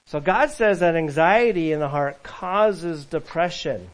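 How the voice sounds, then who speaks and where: A man preaching a sermon as pastor, swinging from loud, emphatic calls to quiet asides and chuckling between points. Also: on the high side, animated, a little slow, rough recording.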